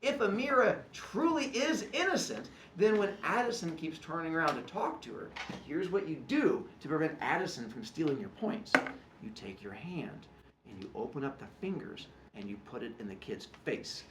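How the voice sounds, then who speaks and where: A man teaching and explaining classroom rules in an animated, joking way, acting out his students. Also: fairly high pitch, normal speed, reverberant, slight background noise. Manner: animated, jokey, acts out students.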